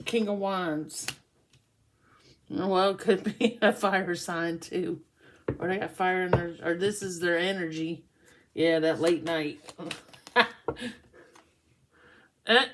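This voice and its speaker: A woman's voice: medium pitch, slow pace, long pauses. A woman doing a casual tarot reading for her channel, chatty and often laughing. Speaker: tarot reader.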